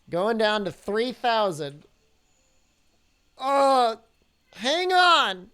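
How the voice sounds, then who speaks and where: A woman's voice: on the high side, drawn-out words, pauses often, clean tone. A woman streaming a video game, chatting casually and jokingly as she answers her chat. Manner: jokey, answers chat aloud, lively. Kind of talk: casual live-stream chat while gaming.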